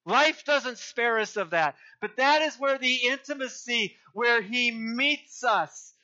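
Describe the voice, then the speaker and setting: A man's voice: very high-pitched, expressive, slow, pushed and bright, highs cut off. An older man preaching a sermon as pastor, earnest and rambling, restarting sentences and crying out for emphasis.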